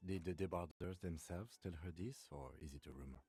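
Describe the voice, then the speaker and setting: A composed police lieutenant in a video game who questions witnesses in a measured way. His voice is low, dark and a little husky, with faint music underneath. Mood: inquiring. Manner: measured, inquisitive. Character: calm, precise police lieutenant.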